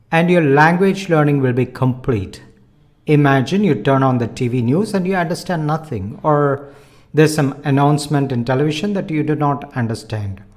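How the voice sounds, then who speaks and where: A man teaching a language lesson online, explaining in a measured, earnest way and using simple analogies. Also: fairly high pitch, darkish tone.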